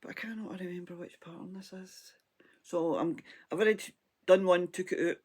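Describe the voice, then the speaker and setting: A woman with a Scottish accent, her throat hoarse and froggy, chatting casually and rambling about her crochet, with frequent laughs. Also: on the low side, steady tone, a little fast, darkish tone. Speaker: crochet vlogger. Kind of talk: casual crafting chat.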